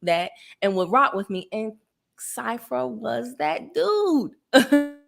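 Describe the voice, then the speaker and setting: A woman's voice: a little high, sing-song, slow, gravelly. Chatty woman hosting a livestream. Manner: chatty, gives shout-outs, laughs often. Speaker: livestream host. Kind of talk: casual livestream chat.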